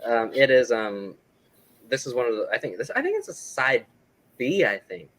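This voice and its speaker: A man speaks in a bright, forward voice, rambling eagerly through his explanations. He stumbles and restarts often, filling pauses with ums. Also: mid-range voice, sing-song, low-quality recording. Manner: rambling, filler-heavy, enthusiastic explaining. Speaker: guest, record collector. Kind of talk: casual interview chat.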